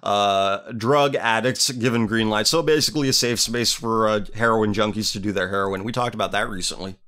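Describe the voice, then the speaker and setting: A man's voice: fairly low pitch, brisk, pushed and bright. A man hosting a show, reading out a listener's letter and ranting over it in a sneering, profane, contemptuous way. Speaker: host.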